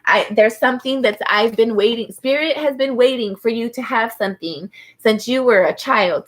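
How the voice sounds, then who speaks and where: A woman giving a live-streamed tarot reading in a chatty, heartfelt way, often saying "like" and speaking to viewers by name and star sign. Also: medium pitch. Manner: chatty, heartfelt, fills speech with "like". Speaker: tarot reader.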